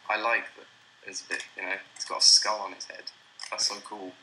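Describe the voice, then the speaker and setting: A young man in his late teens with a British accent, chatting casually as an interview guest over a voice call, relaxed and self-deprecating with frequent chuckles. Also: on the low side, a little fast, low-quality recording. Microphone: computer mic over a voice call.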